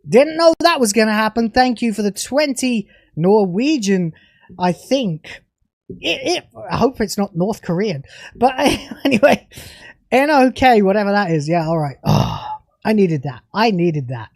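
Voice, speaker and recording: A young British man with a fairly high voice hosts a livestreamed TV review. He swears heavily in furious rants, then eases back into casual talk. The sound is close and dry. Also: animated, a little slow, dry recording. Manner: profane, furious ranting that later cools to casual chat. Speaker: TV show reviewer.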